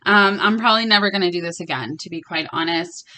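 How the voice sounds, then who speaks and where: A young woman chatting casually in a tarot reading vlog, blunt and quick to swear, laughing often. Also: lowish voice, pushed and bright. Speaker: tarot reader and vlogger.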